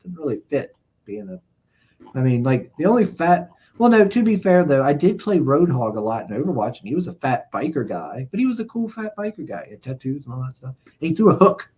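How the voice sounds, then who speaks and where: A man's voice: mid-range voice, big pitch swings, a little fast, darkish tone. Male streamer, casual rambling host who reads chat aloud and chuckles a lot. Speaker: livestream host. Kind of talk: casual chat reading viewer comments.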